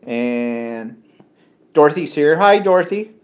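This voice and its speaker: A man's voice: fairly high pitch, animated, slow pace, darkish tone. A man co-hosting a casual live stream from home, chatting and reading out viewer comments with many ums. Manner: chatty, reads comments aloud, frequent ums.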